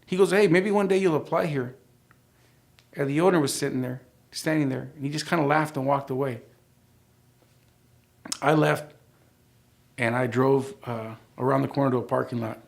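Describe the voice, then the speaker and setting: A middle-aged man with a gravelly, creaky voice at an ordinary pitch tells his personal testimony. He animates the story by acting out the back-and-forth of the people in it. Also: fairly even intonation, normal speed, pauses often. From United States. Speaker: church member sharing his testimony.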